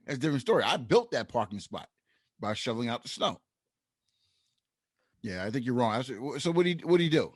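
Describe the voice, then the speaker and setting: A man's voice: mid-range voice, fast, long pauses, no echo, studio quality. A man co-hosting a casual podcast, telling stories with frequent laughs and getting heated when annoyed. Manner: storytelling, laughs often, animated when annoyed. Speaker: podcast co-host.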